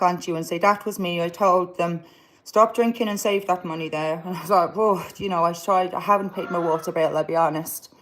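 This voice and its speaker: A woman rambles through a comic monologue. She swears freely and keeps lurching between her own voice and silly put-on ones, pitched in the middle for a woman. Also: low-quality recording.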